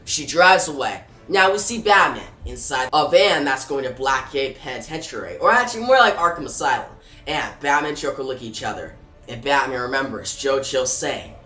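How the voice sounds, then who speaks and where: A man's voice: medium pitch, expressive, normal speed, pushed and bright. Man, comic book recap, plain narration, sound effects, echoey room, faint music. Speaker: comic reviewer. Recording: roomy echo, faint music.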